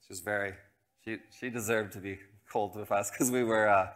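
A man who grew up in Colorado, a pastor preaching a sermon through a lively, self-deprecating personal story, acting out the voices of the people in it. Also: fairly low pitch, brisk. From Colorado, United States. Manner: animated, self-deprecating, acts out quoted voices.

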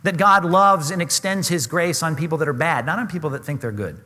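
In a big-room setting, this male pastor speaks fairly quickly in a voice on the high side, bright and forceful. His sermon is earnest and emphatic, and he frequently asks his listeners questions.

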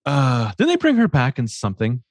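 A man's voice: mid-range voice, huge pitch swings, a little fast, darkish tone, dry recording. A man co-hosting a podcast, chatting casually with profane, exasperated ranting. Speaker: podcast co-host. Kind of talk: casual chat.

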